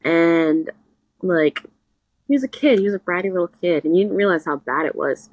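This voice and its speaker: A woman's voice: on the low side, normal speed, no echo, low-quality recording. Young woman animatedly recapping a book. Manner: animated storytelling, quotes characters in little voices. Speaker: podcast co-host. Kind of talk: casual chat recapping a book.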